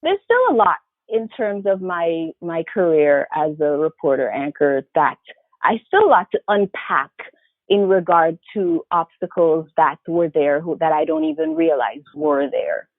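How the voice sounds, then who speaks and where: A woman from Saint Vincent and the Grenadines with a faint Vincentian accent, telling her story in a reflective, animated way as an interview guest. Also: low-pitched, a little slow, no echo. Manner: reflective, animated storyteller, mimics others' voices. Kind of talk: casual interview conversation. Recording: tinny phone-like call audio, dry.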